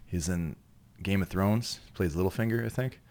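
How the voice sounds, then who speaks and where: Canadian male actor, deep voice, loose laughing storyteller, casual chat. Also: normal speed, a little mellow. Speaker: guest actor.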